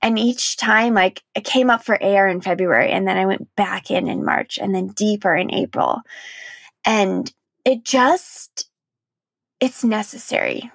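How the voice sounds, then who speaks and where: A young woman hosts a solo podcast, speaking in a candid, heartfelt way with a gravelly fry at the ends of her phrases. The sound is dry and close. She sprinkles in "like" and gentle laughter as she reflects. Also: medium pitch, a little slow, no echo. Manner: emotional, candid, frequent "like" and soft laughs. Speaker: podcast host.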